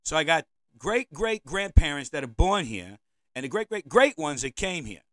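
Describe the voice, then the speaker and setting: A man's voice: on the high side, sing-song, normal speed, a bit bright, no echo, low-quality recording. A man, hosting a podcast as an opinionated monologue. He rambles, repeats himself and says provocative things. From United States. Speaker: podcast host. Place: indoors, seated at home.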